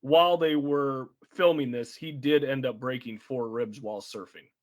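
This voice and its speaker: A man co-hosting a podcast, recapping a film's plot in a relaxed, chatty way with an occasional chuckle. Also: mid-range voice, normal speed. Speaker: podcast co-host. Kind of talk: casual chat.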